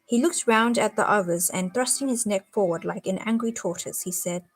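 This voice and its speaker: A woman's voice: mid-range voice, normal speed, few pauses, low-quality recording. A woman reading a novel aloud on a stream, with chatty, self-mocking asides between passages. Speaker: reader.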